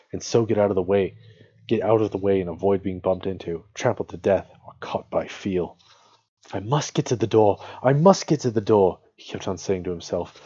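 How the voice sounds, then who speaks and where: Hoarse guy reading a fantasy story out loud, really low and dark voice, fixes his own slips. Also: no echo, dull audio. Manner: unhurried reading with small slips and self-corrections. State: strained, hoarse voice. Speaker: streamer reading aloud. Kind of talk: storybook read-aloud.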